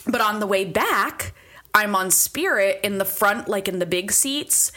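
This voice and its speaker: A young woman co-hosting a casual podcast, telling quick stories and laughing often. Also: medium pitch, lively intonation, bright, forceful tone. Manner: chatty, quick storyteller who laughs a lot. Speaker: podcast co-host. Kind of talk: casual chat.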